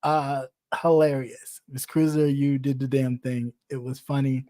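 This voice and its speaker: Brief: gossip commentator, middle-pitched, blunt and cussing, teasing tone, close dry mic. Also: flat delivery, a little slow, warm tone, dry recording. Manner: blunt, profane and teasing, laughs often. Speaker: online commentator.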